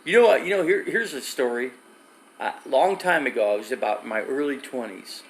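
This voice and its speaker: Live streaming from his phone, a middle-aged man rambles through stories with restarts and reads viewer comments. His medium-pitched voice is animated at a normal speed, but the audio is poor with slight background noise.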